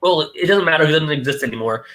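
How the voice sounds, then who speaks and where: A man's voice: fairly high pitch, expressive, quick pace, fairly bright tone, low-quality recording. A man co-hosting a podcast, casually retelling a comic book plot and acting out the characters' lines. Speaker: podcast co-host.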